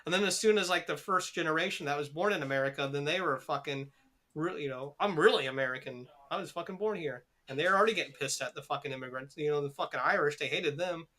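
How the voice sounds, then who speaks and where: A man's voice: fairly high pitch, quick pace, sharp tone. A young man co-hosting a podcast in casual chat, rambling and joking with heavy profanity. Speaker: podcast co-host.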